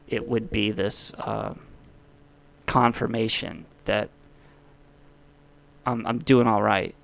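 A man's voice: medium pitch, gravelly, no room sound. Rambling man hosting a podcast. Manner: rambling, jokey then heartfelt. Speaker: podcast host. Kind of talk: casual podcast monologue.

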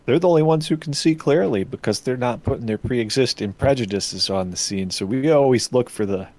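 A man's voice: mid-range voice, a little fast, a little mellow. A man co-hosting a comedy podcast, talking in laid-back, casual banter. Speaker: podcast co-host.

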